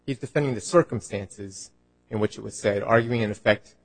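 A man arguing as a government attorney before an appellate court, measured and formal. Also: on the low side, poor audio. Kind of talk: formal courtroom oral argument.

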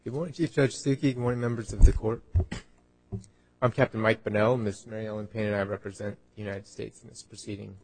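A man arguing as a government attorney before an appellate court, measured and formal. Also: on the low side, steady tone, a little mellow, poor audio. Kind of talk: formal courtroom oral argument.

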